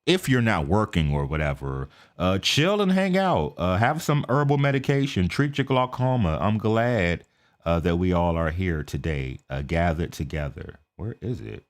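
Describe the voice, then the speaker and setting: American guy chatting on his stream, fairly low voice, keeps saying okay? and mumbles low while fiddling with stuff. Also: big pitch swings, normal speed. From United States. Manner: chatty, keeps asking "okay?", drops into quiet mutters while setting up. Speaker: reaction video streamer. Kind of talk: casual live-stream commentary.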